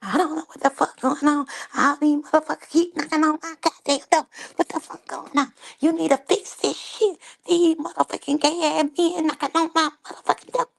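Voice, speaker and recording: A woman doing a shrill furious cursing mother. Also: steady tone, vocal fry. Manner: shrieking profane tirade, rapid.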